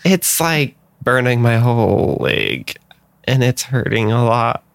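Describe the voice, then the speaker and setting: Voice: medium pitch, huge pitch swings, takes it slowly, creaky, no echo, pitched above the performer's own voice, heavily acted. A game master voicing a four-legged winged creature woman who is in pain and pleading for help in a tabletop game. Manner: strained, pleading.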